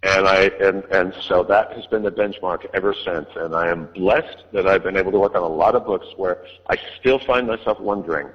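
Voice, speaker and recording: A man's voice: low-pitched, moderate pace, few pauses. A man, an audiobook narrator, answering interview questions in a hesitant way, with many fillers and restarts. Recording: dull line with long reverb.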